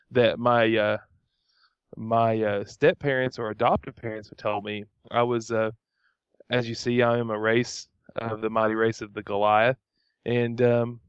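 A man voicing a huge, quick-tempered male Goliath warrior in a tabletop role-play, talking haltingly with many fillers and restarts. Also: mid-range voice, clean tone, no room sound, dull audio, natural voice.

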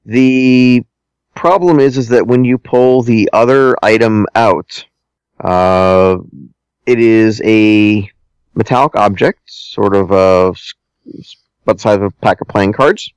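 A man narrating a tabletop game as game master, deliberate and hesitant, with many ums and restarts. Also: fairly low pitch, clear, resonant tone, no echo, highs cut off.

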